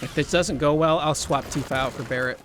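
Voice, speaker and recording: A young man hosting a gaming channel, chatting excitedly through a let's-play. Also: on the high side, fairly quick, over music. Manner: chatty, excitable remarks on the fight. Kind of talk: casual let's-play commentary.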